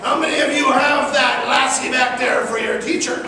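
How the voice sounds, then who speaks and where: A man's voice: very high-pitched, fairly even intonation, moderate pace, crowd noise. A man performing live for schoolchildren, joking with the audience and reading a rhyming story in a playful way. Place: large hall or school auditorium. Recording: echoey hall from far off with audience.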